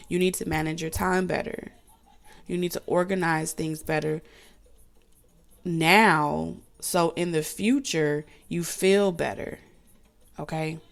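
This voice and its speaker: A woman giving a tarot reading straight to the viewer, blunt and animated, with slang and the odd swear word. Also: fairly low pitch, gravelly. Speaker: tarot reader. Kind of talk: direct-to-camera tarot reading.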